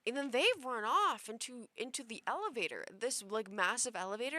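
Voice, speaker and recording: A young woman streamer telling a story to her live chat in a rambling, animated way, full of "like" and restarts. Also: on the high side, fairly quick, few pauses, dry recording. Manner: rambling, animated, heavy use of "like".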